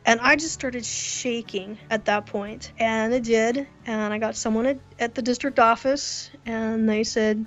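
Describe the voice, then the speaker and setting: A woman guest in an interview, telling workplace stories in a lively, casual way and acting out the reactions she quotes. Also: a little high, measured pace, faint music behind. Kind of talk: casual storytelling. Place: hotel during a convention. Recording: dull lo-fi recording.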